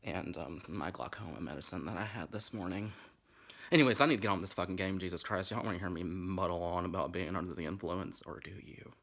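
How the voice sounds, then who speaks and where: A man with a Southern US accent and a husky voice, rambling sassily and a little tipsy in a casual vlog from his bedroom. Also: low voice, fast, a bit bright. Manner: sassy, rambling, profane, frequent laughs. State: slightly tipsy. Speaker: vlogger hosting a drinking game.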